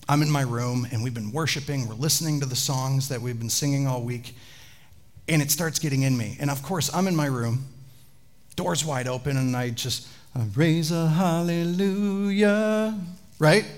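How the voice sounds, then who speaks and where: A man, a pastor, preaching a sermon with animated storytelling and chatty asides to the congregation. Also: mid-range voice, moderate pace.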